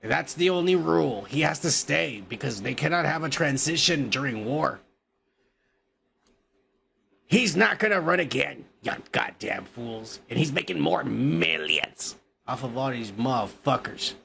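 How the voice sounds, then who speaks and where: A man delivering a profane, mocking commentary rant with sudden loud outbursts. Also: a little high, lively intonation, measured pace, creaky, a little hiss or hum. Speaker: commentary vlogger.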